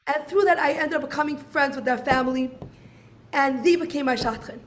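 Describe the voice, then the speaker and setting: A woman's voice: sits high, fairly quick, a little hiss or hum. A woman, telling a personal story and acting out conversations. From Brooklyn, USA. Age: 40s. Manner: animated, acts out dialogue, many "I'm like"s. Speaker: speaker sharing her story.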